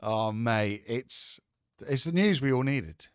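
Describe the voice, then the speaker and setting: A man's voice: medium pitch, animated, slow, clear, resonant tone, no echo, studio quality. A man hosting a casual football chat, friendly and full of fillers. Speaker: host.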